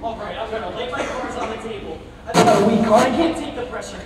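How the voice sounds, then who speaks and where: Girl playing a fussy old producer guy, blustery, high voice, boomy hall. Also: quick pace, over a noisy crowd, lightly acted. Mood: exasperated. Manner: blustery, exasperated. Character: fretful older male producer with a weak heart. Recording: echoey auditorium from far off.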